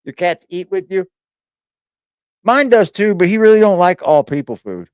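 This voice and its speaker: A man's voice: high-pitched, animated, normal speed, clear, resonant tone, no echo, clean studio sound. A man hosting a casual live stream, chatting loosely and with plenty of swearing while he talks to his pet. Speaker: streamer host.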